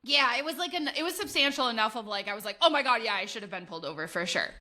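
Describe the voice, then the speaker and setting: A woman's voice: on the high side, animated, very fast, bright, forceful tone. A woman in her thirties, a podcast co-host, telling a story in casual chat, laughing often and acting out her own past voice.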